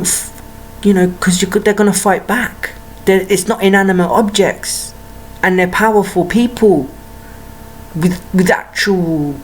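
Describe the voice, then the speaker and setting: Low-voiced woman ranting. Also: darkish tone, slight background noise. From United Kingdom. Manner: heated, profane, repetitive, rhetorical questions. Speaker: vlogger. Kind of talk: ranting monologue to camera.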